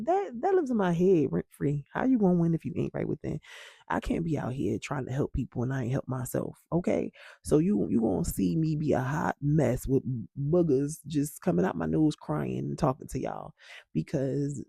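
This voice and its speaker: Husky, candid woman talking to camera. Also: low voice, dark tone, no echo, clean studio sound. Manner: candid and emphatic, swears freely. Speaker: wellness vlogger. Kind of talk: casual talk to camera.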